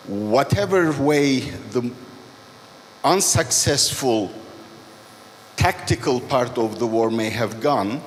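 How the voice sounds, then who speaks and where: A man in the audience who asks a panel a question in a deliberate way, pausing as he speaks, in a conference hall. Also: mid-range voice, a bit bright. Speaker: audience member asking a question. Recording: echoey hall with faint background noise.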